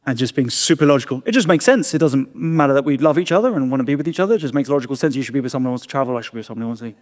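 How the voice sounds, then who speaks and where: At a live comedy venue, a stand-up comedian in his thirties tells a self-deprecating story, acting out his own thoughts. His medium-pitched voice is lively and very fast, with the long reverb of a performance hall.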